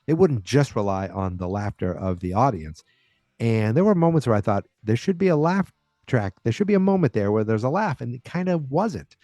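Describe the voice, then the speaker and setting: A man's voice: medium pitch, lively intonation, moderate pace, mellow, dry recording. A man hosting a podcast, casually recapping an episode in a rambling way with lots of fillers and restarts. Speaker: podcast host.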